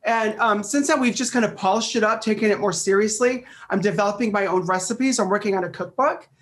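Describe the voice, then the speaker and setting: A middle-aged man chatting as an interview guest, animated and storytelling, often repeating phrases, heard over a video call. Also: high voice, fast talker, a little hiss or hum. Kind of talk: casual interview chat.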